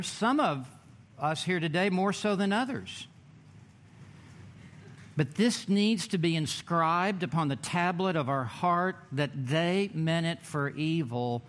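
A man preaching a sermon in a church, emphatic, with dramatic pauses and drawn-out words. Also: sits high. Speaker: pastor.

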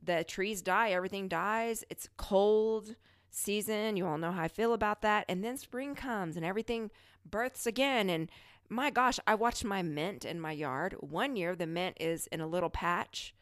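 A woman's voice: medium pitch, moderate pace, no echo, studio quality. A woman hosting a spiritual healing talk, coaching her listeners in an earnest, direct way. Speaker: spiritual healer and podcast host.

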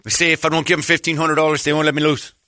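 A man's voice: fairly high pitch, flat delivery, very fast, bright, forceful tone, no room sound, studio quality, pitched above the performer's own voice. A man voicing an old male Irish boxing trainer who wheedles for money, in a put-on Irish brogue. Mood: anxious.

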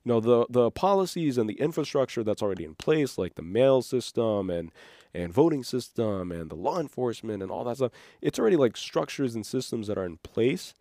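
Male solo podcast host, mellow low voice, rambling excitable delivery, dry close sound. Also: no room sound. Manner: rambling, excitable, loses his train of thought. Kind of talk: unscripted solo monologue.

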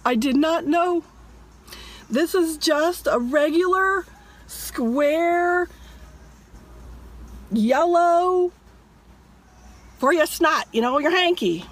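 Woman vlogger, high voice, dramatic storyteller who preaches hard at her viewers. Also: animated, extremely slow, pauses often. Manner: emphatic, addresses viewers as "people". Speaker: religious vlogger.

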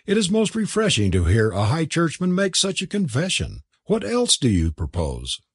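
A man's voice: fairly high pitch, huge pitch swings, moderate pace, breathy edge, no echo, studio quality, pitched above the performer's own voice, exaggerated voice. A man voicing a genial, talkative older male antiquarian who hosts a supper.

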